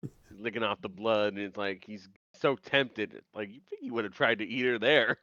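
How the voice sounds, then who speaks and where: A man co-hosting a casual podcast, recapping a TV episode, animated and laughing and jumping in over his co-host. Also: on the low side, moderate pace, dry recording, highs cut off.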